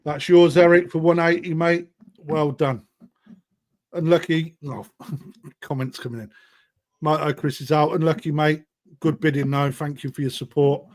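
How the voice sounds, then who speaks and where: A man's voice: on the high side, level tone, a little slow, pauses often, no echo. A man hosting a live online auction, chatting with bidders in a casual, matey way. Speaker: koi auctioneer.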